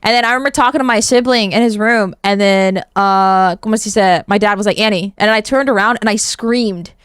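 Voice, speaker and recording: A woman's voice: mid-range voice, a little fast, fairly bright tone, smooth, dry recording, studio quality. A woman streamer giving casual reaction commentary, blunt and profane, often breaking into shrieks and laughter.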